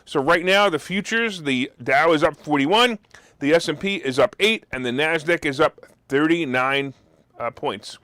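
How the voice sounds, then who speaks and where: A man hosting a markets talk show, talking in a sarcastic, animated way, now and then bursting into loud mock outrage. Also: a little high, normal speed, no room sound. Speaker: host. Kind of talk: opinionated market commentary.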